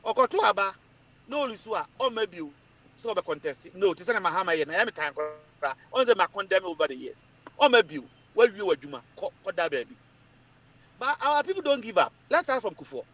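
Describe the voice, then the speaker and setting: A Ghanaian man holds forth on politics in a high voice that swoops up and down. He talks emphatically and keeps repeating his points. He drifts between English and Twi as he argues. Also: very animated, a little fast, a bit bright. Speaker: political commentator. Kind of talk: animated political talk.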